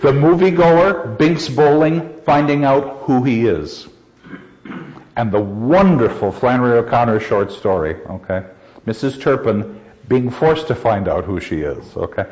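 A man lecturing a class on a play, animated and quick to laugh, sometimes acting out quoted lines in a raised voice. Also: medium pitch. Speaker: literature teacher. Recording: dull lo-fi classroom recording.

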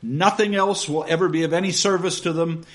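A man's voice: on the high side, steady tone, fairly quick, natural voice. A man reading aloud as a stern, pompous male schoolmaster obsessed with facts, in an emphatic, commanding way. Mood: lecturing. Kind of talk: dramatic reading of a novel.

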